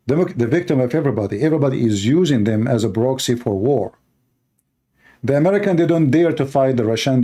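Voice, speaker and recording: Male commentator, Arabic first language, angry and mocking, fairly high but dark tone. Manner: scornful, heated, broken English phrasing. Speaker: commentator reacting to a clip.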